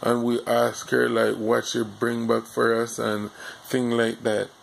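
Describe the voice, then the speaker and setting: A man from Jamaica with a Jamaican accent, telling a childhood story in a rambling, halting way full of fillers. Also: medium pitch, completely flat delivery, gravelly, a little hiss or hum, poor audio. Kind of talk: casual storytime monologue.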